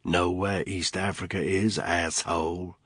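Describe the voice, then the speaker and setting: A man voicing a menacing soldier, low and husky. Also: flat delivery, measured pace, no room sound, studio quality, full character voice. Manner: menacing, mocking, quietly threatening. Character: ruthless male special forces soldier interrogating a captive.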